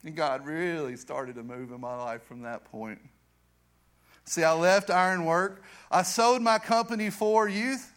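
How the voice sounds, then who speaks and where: A middle-aged man, a youth pastor giving an earnest testimony in a church. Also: measured pace. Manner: earnest storytelling, voice drops low and soft for emphasis. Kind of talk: testimony sermon. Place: church sanctuary.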